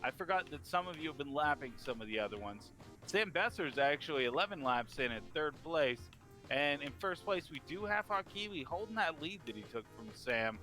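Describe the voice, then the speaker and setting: A man giving eager play-by-play commentary on a video game race, rising in excitement at each crash. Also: on the high side, a little fast, soft background music.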